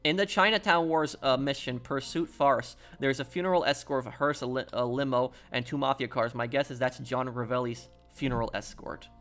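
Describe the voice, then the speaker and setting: A man's voice: mid-range voice, fairly quick, few pauses, a bit bright, soft background music. Rambling male streamer chatting casually. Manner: rambling, repeats himself, chatty. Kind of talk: casual live-stream chat while gaming.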